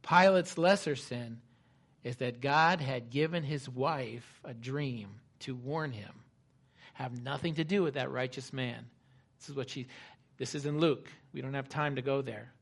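A man preaching a sermon, reading scripture and explaining it, swinging from loud dramatic lines to hushed ones. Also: medium pitch, unhurried, gravelly, breathy edge. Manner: dramatic, reads scripture aloud with acted quotes, drops to hushed tones.

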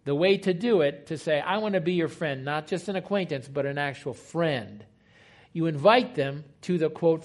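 A man preaching a teaching sermon in a conversational, explanatory way, asking rhetorical questions. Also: fairly high pitch.

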